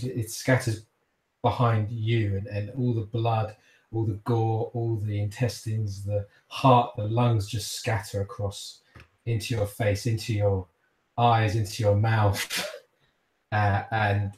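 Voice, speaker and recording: A man's voice: on the low side, darkish tone, echoey room. A man narrating a tabletop game as game master, with vivid, gory storytelling and frequent restarts.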